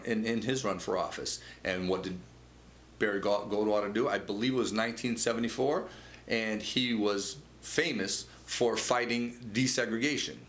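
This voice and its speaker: A man with a lowish voice hosts a commentary monologue in an echoey room, with a faint hiss of noise underneath. He talks loosely and conversationally, often stumbling and restarting his phrases. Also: fairly bright tone. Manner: conversational, with frequent stammered restarts. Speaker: show host.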